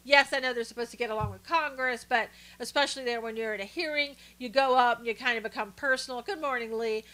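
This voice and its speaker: A woman's voice: on the high side, quick pace, hardly any pauses, sharp tone. A woman hosting a live stream, chatting casually through political commentary and greeting viewers by name, with frequent fillers.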